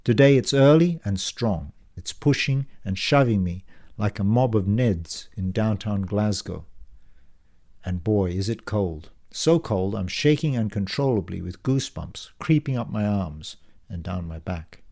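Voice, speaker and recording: An author reads his own novel aloud, narrating in the first person. His voice sits on the low side for a man, and he tells the story in a measured, descriptive way at an even reading pace. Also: creaky.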